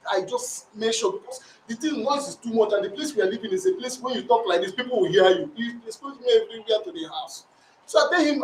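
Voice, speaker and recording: High-voiced Nigerian man, rambling complaint. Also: slight background noise. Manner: rambling, repetitive, animated storytelling. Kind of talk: recounting a domestic dispute. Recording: roomy sound from a distant mic.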